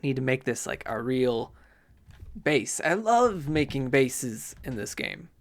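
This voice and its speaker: A man's voice: medium pitch, very animated, slow. A man giving casual gameplay commentary, rambling to himself with mock outrage.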